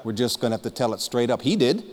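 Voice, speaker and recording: A man's voice: mid-range voice, sing-song, quick pace, a little mellow, big-room sound. A man preaching a sermon as pastor, fervent and emphatic, urging his listeners to listen.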